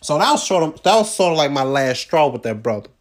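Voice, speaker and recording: A man's voice: on the high side, sing-song, fast talker. A man telling a loose, profane story about his jobs, full of slang and fillers, recorded without a proper microphone. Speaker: vlogger recounting his job search. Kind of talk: casual rambling storytelling.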